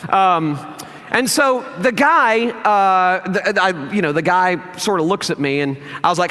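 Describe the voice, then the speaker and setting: Male pastor, high and very animated delivery, storytelling sermon, recorded in a reverberant church hall. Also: measured pace. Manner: animated storytelling, acts out quoted lines.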